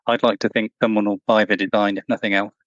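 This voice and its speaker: A man answering interview questions in a measured, thoughtful way, with frequent restarts. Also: lowish voice, level tone, fairly bright tone, no echo, highs cut off. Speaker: guest, former truck company employee.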